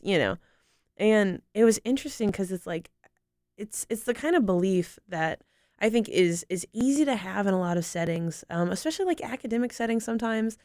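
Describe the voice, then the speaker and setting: A young woman from North Carolina, a student guest on a podcast, talking quickly and softly, reflective and rambling with many fillers. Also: medium pitch, dry recording, studio quality. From North Carolina, USA. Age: young adult. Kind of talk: casual interview chat.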